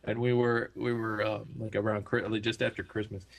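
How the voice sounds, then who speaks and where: A man's voice: on the low side, little pitch movement, brisk, gravelly. A man co-hosting a podcast, rambling and joking in casual chat. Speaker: podcast co-host. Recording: noisy recording.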